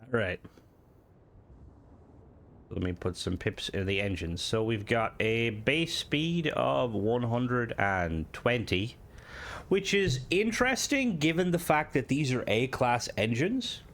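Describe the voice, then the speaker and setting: A man's voice: mid-range voice, very animated, slow, a bit bright. A man with a nasal, stuffy voice from hay fever, thinking aloud as he comments on a game. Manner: rambling, thinking aloud with restarts. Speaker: gaming video host. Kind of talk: casual gameplay commentary.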